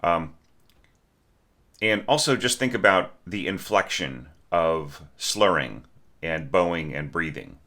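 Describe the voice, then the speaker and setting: Low-voiced man, forceful bright tone, teacher talking through a student's score casually. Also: animated, takes it slowly. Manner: conversational, many fillers and "right?" tags; sings phrases to show inflection. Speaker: orchestration teacher.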